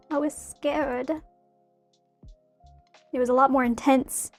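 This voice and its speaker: A young woman chatting casually in a bubbly, rambling way while she paints a figure. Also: high voice. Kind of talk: casual chat while crafting.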